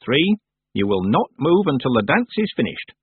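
A man voicing a stern old woman witch who gives clipped, sharp orders. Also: medium pitch, sing-song, moderate pace, husky, no room sound, voice pushed up. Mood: commanding. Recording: tinny phone-like sound.

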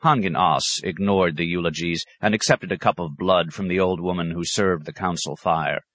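A man narrating an audiobook in a measured, even storytelling manner. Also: sits low, a little hiss or hum. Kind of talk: scripted narration.

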